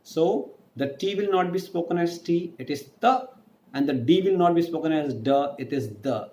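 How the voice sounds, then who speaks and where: In an echoey room with faint ambience and slight background noise, a man teaches an online French lesson. His voice is fairly high yet dark in tone, animated and at a normal speed, as he spells words letter by letter and draws out each pronunciation.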